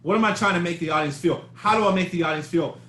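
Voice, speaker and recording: A man coaching a bass student online in a loose, searching way, often repeating words as he thinks. His voice sits high, and the call picks up a roomy echo with bass notes now and then. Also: fast talker, fairly bright tone. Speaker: bass teacher. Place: home room on a video call. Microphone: video call mic. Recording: echoey room over a video call.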